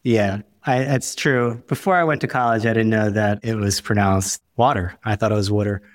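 A man with a fairly low voice hosts the interview from a dry, close-miked setup. He is from the Philadelphia region and keeps things relaxed and chatty. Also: moderate pace, no room sound. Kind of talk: conversational interview.

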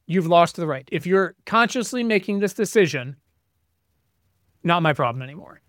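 A man's voice: sits high, animated, normal speed, a bit bright, no room sound, clean studio sound. A middle-aged man co-hosting a casual chat, telling a profane, ranting story about his kids. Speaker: podcast co-host.

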